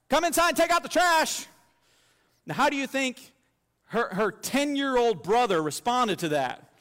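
High-voiced man preaching in a reverberant hall. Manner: animated storytelling with humor. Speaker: pastor. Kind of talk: sermon.

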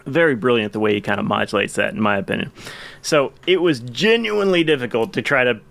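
A man's voice: medium pitch, lively intonation, fast talker, gravelly, fairly bright tone, no echo. A man hosting a podcast, chatting enthusiastically about songs with some rambling restarts. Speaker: podcast host. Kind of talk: casual chat about music.

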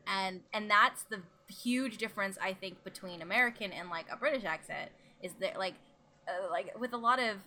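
Bright-voiced young woman, chatty. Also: mid-range voice, moderate pace, slight background noise. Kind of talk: casual chat.

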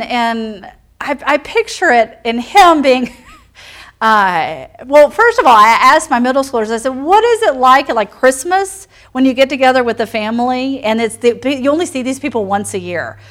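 A woman's voice: sits high, sing-song, moderate pace, a bit bright. A woman pastor giving a conversational sermon, telling stories and acting out quotes. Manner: storytelling with asides and acted-out quotes.

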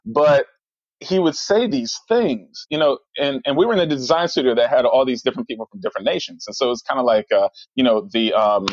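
Rambling, animated man, dry muffled audio. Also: mid-range voice, a little fast, dry recording. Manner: rambling, animated storyteller with many fillers. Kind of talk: casual chat.

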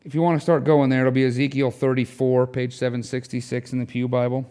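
A man's voice: flat delivery, fast talker, warm tone, clean tone. A man preaching a sermon in a church, earnest and pleading, his voice climbing and falling as he presses his point. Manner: earnest, rising to pleading intensity with wide pitch swings. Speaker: pastor. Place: church sanctuary.

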